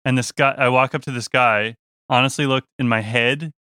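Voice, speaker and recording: Bright, animated man telling a story. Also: mid-range voice, moderate pace, clean tone, no room sound, clean studio sound. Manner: animated, laughs often, acts out the other voices. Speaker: band member telling a tour story. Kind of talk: casual storytelling.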